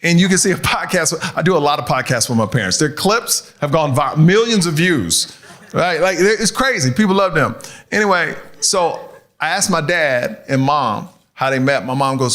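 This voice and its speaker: A male stand-up comedian doing crowd work in a club, animated and often laughing at his own jokes. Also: fairly high pitch, normal speed. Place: comedy club stage with audience.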